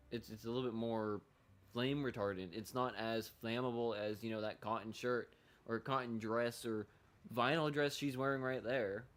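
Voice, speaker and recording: A man's voice: medium pitch, fairly bright tone. Rambling, swearing male game streamer. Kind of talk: casual gaming commentary.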